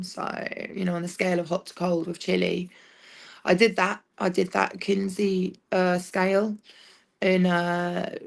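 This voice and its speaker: A woman's voice: lowish voice, creaky. A woman livestreaming a rambling personal monologue, sardonic and swearing freely as she jumps between topics.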